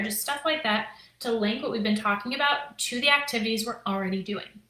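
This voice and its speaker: Upbeat teacher lady chatting to camera, kinda high voice, echoey room. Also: fairly quick, few pauses, sharp tone. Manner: chatty and upbeat, lots of fillers and "right?". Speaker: teacher and curriculum creator. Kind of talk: casual teaching video, talking to camera.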